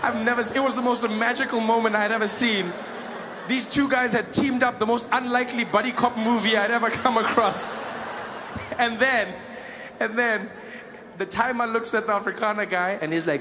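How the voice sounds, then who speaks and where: South African male comic, fairly high voice, lively storyteller, live crowd audible. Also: normal speed. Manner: animated storytelling. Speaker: stand-up comedian. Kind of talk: stand-up comedy. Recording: live stand-up with noisy crowd.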